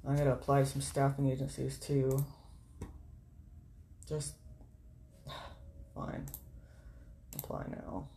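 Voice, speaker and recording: A woman with an exceptionally deep, low voice talks to herself at her computer, cursing casually and reading job listings under her breath. Keys tap faintly in the background as she scrolls. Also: completely flat delivery, slow pace, long pauses, mellow, slight background noise. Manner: muttering to herself, swears often, reads listings aloud. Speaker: vlogger. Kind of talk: casual talk while job hunting online. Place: at home at a computer. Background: keyboard typing.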